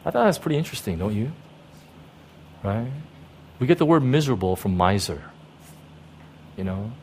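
A man's voice: lowish voice, sing-song, normal speed, a little hiss or hum. A pastor preaching a sermon in an emphatic way, repeating key words and often checking in with his listeners.

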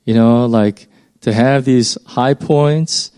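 A man's voice: medium pitch, steady tone, slow pace, darkish tone, smooth. Man preaching a rambling, conversational sermon. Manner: informal, rambling, emphatic rises.

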